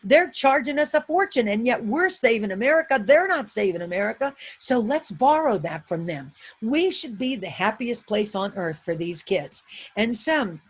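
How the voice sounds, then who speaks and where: A middle-aged woman delivers a comedic motivational keynote with a husky, slightly raised voice. She tells stories exuberantly and drives each point home through punchy repetition. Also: fairly high pitch, very animated, moderate pace.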